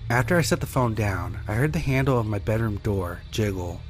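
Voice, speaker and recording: A man with a fairly low voice reads a first-person horror story in a steady, measured way. Soft music plays faintly under his scripted narration.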